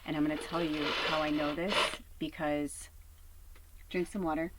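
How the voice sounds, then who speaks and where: A woman with a lowish voice gives a casual spiritual reading from her tiny home RV. She talks in a chatty, earnest way, swears casually, and sometimes sinks to a hush. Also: little pitch movement, normal speed, very noisy. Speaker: spiritual reader. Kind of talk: casual collective tarot reading.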